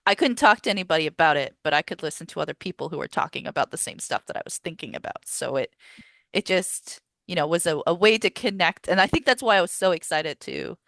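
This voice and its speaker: A woman's voice: on the low side, expressive, fast, a bit bright, no echo. A woman who is a guest on a podcast, chatting casually in an earnest, enthusiastic way and often repeating words. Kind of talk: casual chat.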